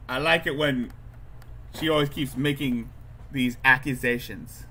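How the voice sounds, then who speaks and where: Slow, sarcastic male livestream commentator. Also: mid-range voice, steady tone, sharp tone. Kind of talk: mocking commentary over a clip.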